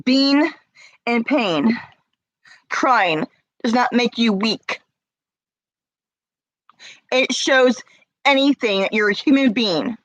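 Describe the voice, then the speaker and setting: A woman's voice: a little high, expressive, takes it slowly, long pauses, fairly bright tone, no echo, highs cut off. A woman crying as she talks to camera, confronting someone with repeated pointed questions in an emotional rant. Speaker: vlogger.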